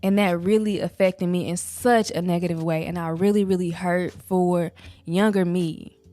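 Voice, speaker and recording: A woman's voice: on the low side, steady tone, normal speed, warm tone, no echo. A woman and mother talking candidly about her own healing, in a casual, rambling way with many "like" fillers. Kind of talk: candid personal talk to camera.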